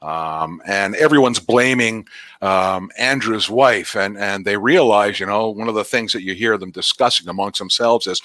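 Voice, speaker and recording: A man's voice: on the low side, normal speed, pushed and bright, no room sound. A man narrating a tabletop game as game master, rambling with fillers and restarts.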